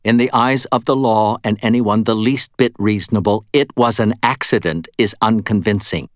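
A man's voice: fairly low pitch, normal speed, no echo, studio quality, natural voice. A man voicing a blunt, determined woman who used to be a police officer, speaking firmly in an audiobook. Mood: stern. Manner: firm, clipped and intense. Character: tough blunt woman ex-cop, hard and determined.

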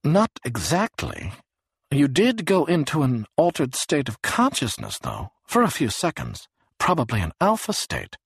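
A man reading an audiobook, voicing an odd, clinical man who talks in smooth, jargon-laden phrases. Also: mid-range voice, wildly swooping pitch, unhurried, dry recording, studio quality, voice pushed up, heavily acted.

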